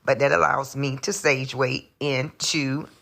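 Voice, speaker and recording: A woman's voice: very deep voice, steady tone, measured pace, creaky, a bit bright. A woman calling in to a show, giving a blunt, chatty opinion and repeating herself for emphasis. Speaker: caller. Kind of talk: casual phoned-in review.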